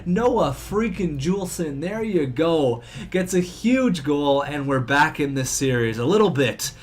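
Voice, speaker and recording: A young man giving excitable play-by-play commentary on his own video game hockey season, fast-talking and swinging between cheering and groaning. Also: on the high side. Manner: talks fast. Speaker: gaming commentator.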